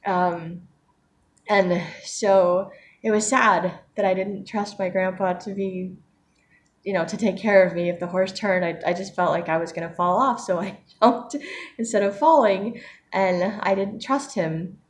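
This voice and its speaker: A woman's voice: medium pitch, fairly even intonation, unhurried, slight background noise. A woman giving a candid, reflective vlog about trust and gratitude, rambling with many restarts and fillers, at times tearful. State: becoming tearful and emotional. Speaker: vlogger. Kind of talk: personal reflective talk to camera.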